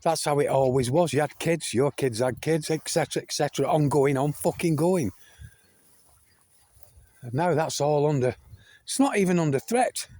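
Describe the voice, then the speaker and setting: A man's voice: on the high side, normal speed, dark tone, no room sound. An older man delivering an emphatic, profanity-heavy rant to his viewers, repeating himself and calling them folks. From United Kingdom. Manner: heavy swearing, keeps addressing listeners as folks; repetitive, emphatic, restarts. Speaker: video blogger. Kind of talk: ranting monologue to camera.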